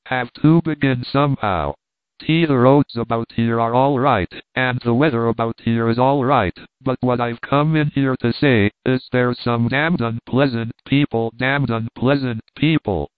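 A man's voice: medium pitch, unhurried, clean tone, dry recording, natural voice. A man voicing a nervous young clerk who blusters stiffly and stammers in a storybook reading. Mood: blustering. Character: nervous, blustering young male shop assistant. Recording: tinny phone-like dry sound.

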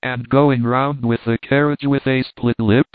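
A man's voice: medium pitch, steady tone, unhurried, clean tone, no echo, lightly acted. Male reader as an anxious young servant pleading, on a tinny dry recording. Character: nervous young male servant backing out of a fight. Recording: dry, tinny phone-like sound.

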